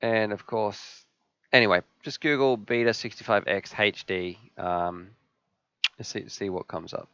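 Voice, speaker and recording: A man's voice: fairly low pitch, steady tone, measured pace, fairly bright tone, smooth, dry recording, lo-fi sound. A man hosting a casual live stream, answering viewer questions in an enthusiastic, chatty way.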